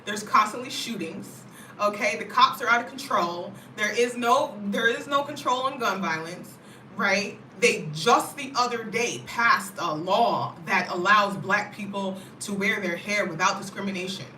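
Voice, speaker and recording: Bright-voiced American woman vlogging. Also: mid-range voice, unhurried, a little hiss or hum. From United States. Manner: animated, talkative, frequent "you know what I mean". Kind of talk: casual chat to camera. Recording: roomy, mic at a distance.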